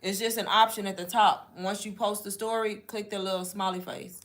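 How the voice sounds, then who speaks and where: A woman's voice: medium pitch, flat delivery, moderate pace, a bit bright. A woman teaching in a casual live Q&A, chatty and instructive, often addressing the listeners as y'all. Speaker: online marketing coach.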